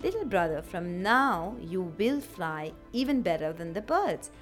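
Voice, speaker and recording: A woman voicing the Sun as a kindly male spirit in a children's storybook, speaking softly and gently. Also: mid-range voice, very animated, measured pace, faint music behind. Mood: gentle.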